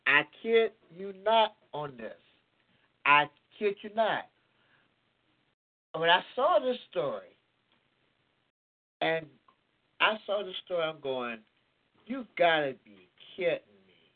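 A man's voice: high voice, very animated, slow pace, long pauses. A man co-hosting a casual political talk show, telling a story in disbelief and repeating himself for emphasis. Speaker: podcast co-host. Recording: tinny phone-like sound.

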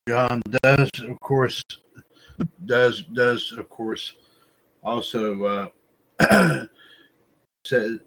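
A man's voice: lowish voice, a bit bright, low-quality recording. A man hosting a wrestling news podcast, talking in a rambling, casual way, often circling back with filler phrases and calling his listeners folks. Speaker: podcast host.

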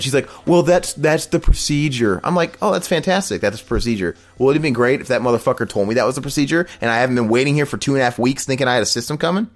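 A man hosting a casual podcast, ranting in a loose, profane way. His voice sits at an ordinary middle pitch, and he slips into mocking voices when he quotes others. Faint music runs quietly behind him. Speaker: podcast host.

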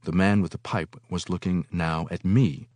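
Deep-voiced man reading a novel aloud. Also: normal speed, dry recording. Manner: expressive first-person narration.

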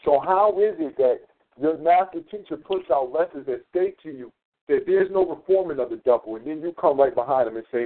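A man's voice: fairly high pitch, animated, fairly quick. A man talking casually on a radio show, rambling and profane, often hunting for his words. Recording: tinny phone line.

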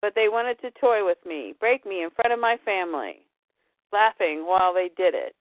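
A woman's voice: mid-range voice, animated, normal speed, no echo, close to an everyday voice. A woman voicing a grieving alien father in a solemn read-aloud manner. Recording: phone-like dry line.

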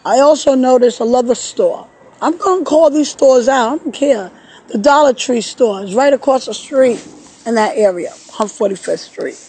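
A woman vlogging outdoors in a park, upset and tearful, talking haltingly and repeating words as she recounts a bad experience. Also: a little high, a little mellow, husky, rough recording. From New York. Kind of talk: emotional personal vlog.

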